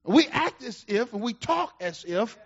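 A man preaching a sermon as pastor, swinging from low talk to shouted emphasis. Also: measured pace, slightly rough. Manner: animated preaching, rises to shouts, chuckles. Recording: dull lo-fi sound.

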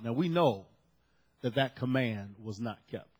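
A man preaching a sermon, telling a story and building to loud shouted peaks. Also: mid-range voice, lively intonation, slow pace, pauses often, husky. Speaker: pastor.

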